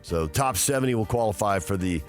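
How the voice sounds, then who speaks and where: Lower-voiced male radio host, steady and informative, with segment and sponsor reads. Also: soft background music. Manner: measured, informative. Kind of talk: sports radio hosting and reads.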